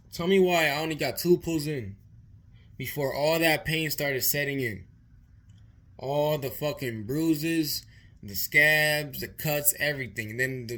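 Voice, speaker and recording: A young male vlogger rambles through a long story, swearing a lot and repeating words. His medium-pitched voice is bright and forceful.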